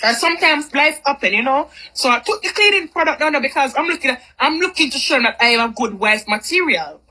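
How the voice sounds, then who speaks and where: A woman's voice: high-pitched, animated, fast talker, sharp tone, poor audio. A woman telling a personal story in a candid, rambling, chatty way. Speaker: vlogger. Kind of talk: storytime monologue.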